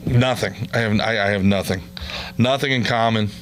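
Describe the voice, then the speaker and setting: A man's voice: fairly low pitch, background noise. A man, a podcast host and comedian, ranting bluntly and profanely in a comedic monologue.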